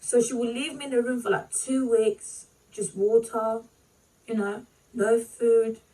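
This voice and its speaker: A woman with a fairly high voice tells a painful personal story to her viewers. She is fighting back tears and speaks haltingly, leaning on "like" and "you know." Her voice sits a little distant from the mic. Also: fairly even intonation, warm tone. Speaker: vlogger.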